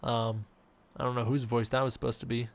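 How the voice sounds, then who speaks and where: A man's voice: mid-range voice, flat delivery, fairly quick. A young man chatting casually on a live stream from home, reading viewer questions with a desk mic. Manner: casual, reads chat questions, frequent fillers. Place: indoors at home. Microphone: desk mic with face cam.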